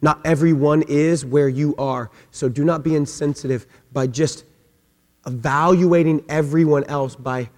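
Animated pastor preaching in a reverberant church. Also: male voice, on the high side, a little slow. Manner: animated, humorous, acts out voices. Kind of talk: sermon. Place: church sanctuary. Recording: long hall reverb.

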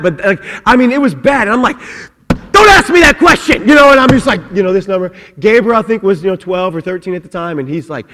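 A middle-aged man, a pastor, telling a personal story in an animated sermon in church. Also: high voice. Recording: long hall reverb.

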